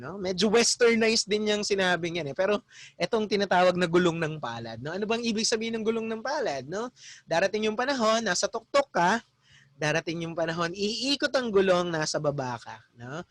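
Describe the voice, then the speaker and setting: A man's voice: high voice, lively intonation, fast talker, a bit bright, no echo. A young man with a Filipino accent lecturing his class, tagging his points with "no?" and switching between Tagalog and English. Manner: mixes Tagalog and English, tags lines with "no?". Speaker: teacher.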